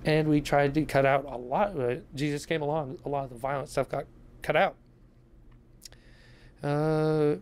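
Gravelly, sarcastic man ranting. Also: medium pitch. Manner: sarcastic and combative. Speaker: YouTube commentator. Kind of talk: comment-response rant.

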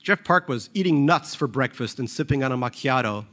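A man's voice: mid-range voice, lively intonation, brisk, pushed and bright. A man reading from his novel in a dry, wry storytelling manner. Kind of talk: audiobook-style literary reading.

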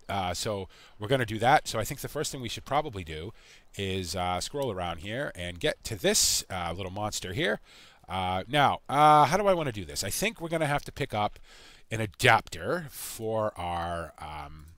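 An American man giving rambling let's-play commentary, halting and full of fillers. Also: lowish voice, expressive, a bit bright, dry recording. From United States. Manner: halting, full of uh and you know. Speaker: gaming channel host.

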